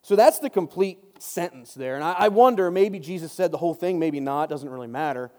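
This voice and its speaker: A man's voice: fairly high pitch, animated, a little fast, a little mellow. A man giving a casual Bible study talk, chatty and joking, often breaking off into asides. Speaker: Bible teacher. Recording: long reverb.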